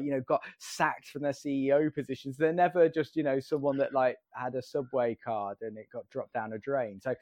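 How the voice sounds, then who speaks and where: A man, a comedian telling stories in a casual interview with lively energy. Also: fairly high pitch, no room sound. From English Midlands. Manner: animated, laughing storyteller. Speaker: comedian guest.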